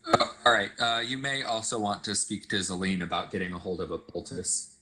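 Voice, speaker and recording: A man narrating as game master of a tabletop game, pausing often with ums. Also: lowish voice, bright, forceful tone, slight background noise, low-quality recording. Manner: hesitant, many ums.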